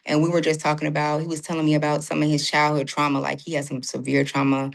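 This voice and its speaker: A woman's voice: low-pitched, completely flat delivery, fast talker, gravelly. A woman guest in a casual faith conversation, talking animatedly and acting out her own inner dialogue. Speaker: podcast guest.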